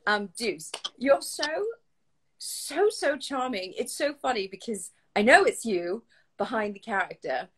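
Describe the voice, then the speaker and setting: A woman's voice: fairly high pitch, lively intonation, measured pace, slightly rough. A woman hosting a casual interview chat, enthusiastic and gushing, laughing often between questions. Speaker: host.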